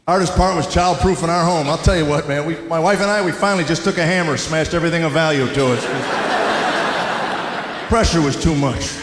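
High-voiced comic in a roomy hall. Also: male voice, fairly quick, background noise. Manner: folksy, wry storytelling with rhetorical questions. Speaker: stand-up comedian. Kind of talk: stand-up comedy routine. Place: large hall with a laughing audience. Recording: roomy live hall recording. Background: audience laughter.

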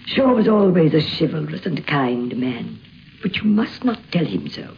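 A woman telling memories of a friend in an old archival interview, in a gentle storytelling manner. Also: low voice, very animated, measured pace, creaky. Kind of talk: archival reminiscence. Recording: dull lo-fi archive recording with faint background hiss.

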